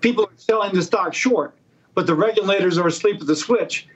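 A man's voice: high voice, a little fast. Man on a dull remote feed. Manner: pointed, argumentative. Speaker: senator, interview guest. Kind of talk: remote news interview.

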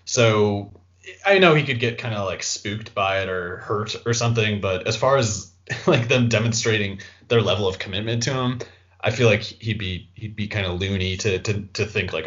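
A man giving casual sports analysis on a podcast, animated and quick, sometimes mocking other people's voices. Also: fairly low pitch, highs cut off. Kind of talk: casual fantasy football analysis.

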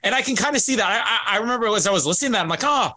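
Man from Canada, podcast co-host, fairly high bright voice, hesitant casual delivery. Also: expressive, rapid-fire. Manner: hesitant, many restarts, easygoing. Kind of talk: casual sports podcast chat.

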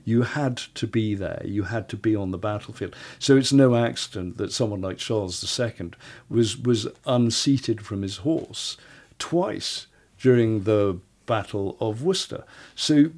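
A man's voice: fairly low pitch, measured pace, a little mellow. A man telling history stories in a casual podcast conversation, often stumbling and restarting his phrases. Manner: stammering restarts, storytelling.

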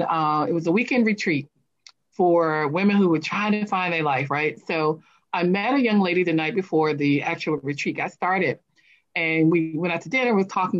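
Lively woman storyteller, lo-fi sound. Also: on the low side. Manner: animated storyteller who acts out quotes. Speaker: guest, speaker and coach. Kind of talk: casual interview storytelling. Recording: dull lo-fi sound.

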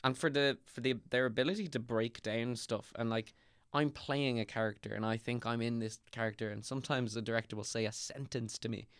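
A young Irish man, an actor, chatting casually and telling stories in an animated, rambling way with lots of fillers and restarts. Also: mid-range voice, brisk, few pauses, clear, resonant tone, no room sound, studio quality. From Ireland. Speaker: actor, guest. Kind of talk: casual podcast chat.

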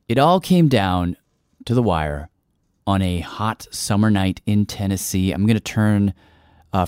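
A man's voice: lowish voice, a little mellow, clear, resonant tone, no echo, studio quality. A man hosting a podcast, speaking thoughtfully with some hesitation. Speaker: podcast host.

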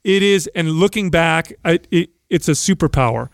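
A man's voice: on the high side, normal speed, no echo, clean studio sound. A man on a podcast speaking in a reassuring, encouraging and emphatic way to a friend. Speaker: podcast host. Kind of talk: candid podcast conversation.

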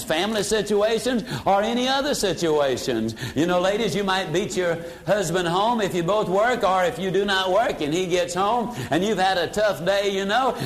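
High-voiced older sales trainer. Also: male voice. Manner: dramatic, acts out customer voices, drops voice low for effect. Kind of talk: motivational sales seminar talk.

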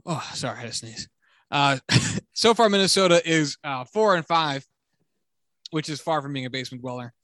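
Casting note: man co-hosting a sports podcast, bright and slightly high voice, joking, self-deprecating. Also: animated, moderate pace, no room sound, studio quality. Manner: chatty, self-deprecating, joking trash talk. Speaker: podcast co-host. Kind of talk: casual sports chat.

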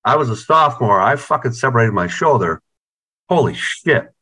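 A guitarist telling stories in a casual interview over a video call, rambling and swearing constantly. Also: male voice, medium pitch, lively intonation, moderate pace, pushed and bright, husky. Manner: rambling, profane, heavy on "you know". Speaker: guitarist in a band.

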